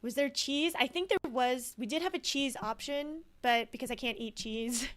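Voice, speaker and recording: A woman's voice: high-pitched, normal speed, a bit bright. An American woman streaming a game, chatting casually and giggling often between remarks. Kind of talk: casual chat while gaming.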